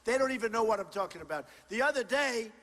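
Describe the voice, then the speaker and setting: A fast-talking male candidate with a high, bright voice and lively intonation works a rally crowd from a stage microphone inside a large university venue. His lines are short, punchy, repetitive brags, frequently shouted out. The hall's long reverb trails each phrase, and crowd noise murmurs faintly below.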